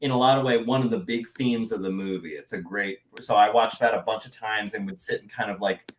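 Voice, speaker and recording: Rambling, animated male storyteller. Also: lowish voice, brisk, slight background noise, poor audio. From American West. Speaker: guest voice actor and artist. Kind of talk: casual podcast chat.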